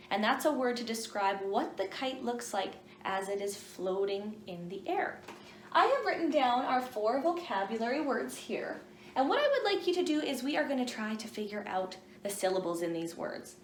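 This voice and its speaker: A young woman teaching an online lesson to grade one children, speaking clearly and encouragingly. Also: a little high. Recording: echoey room with faint hum.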